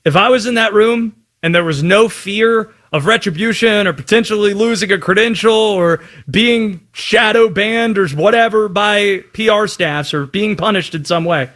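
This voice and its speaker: Man, high voice, sports talk co-host, measured and argumentative. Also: fairly bright tone. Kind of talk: casual sports debate.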